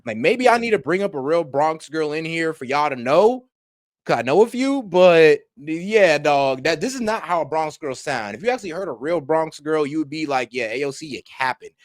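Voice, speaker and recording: A man's voice: fairly high pitch, expressive, normal speed, dry recording, studio quality. A man co-hosting a reaction show, talking in casual, slangy, emphatic chat. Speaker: co-host reacting to a video.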